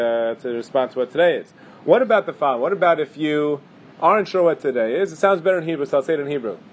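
A man's voice: on the high side, a little hiss or hum. A man teaching a casual halacha class, thinking aloud with fillers and restarts. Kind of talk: casual Torah class lecture.

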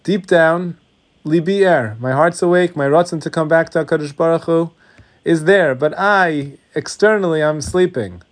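Rabbi guy giving a sermon, tells a story and does the voices, bit higher-pitched. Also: normal speed. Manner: storytelling, acts out voices, drops to hushed tones. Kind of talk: sermon with parable.

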